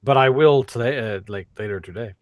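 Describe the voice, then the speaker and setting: A man's voice: mid-range voice, a little fast, dry recording. A man co-hosting a casual beer review show, joking and self-deprecating. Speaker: podcast co-host reviewing beer. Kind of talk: casual chat.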